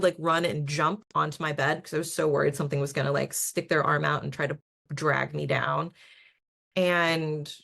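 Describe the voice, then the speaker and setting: A young woman with a low voice talks through her own experiences in a casual podcast chat. She sounds earnest and chatty, laughs easily, and often breaks off to restart a sentence. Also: creaky. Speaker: podcast host. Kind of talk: casual personal storytelling.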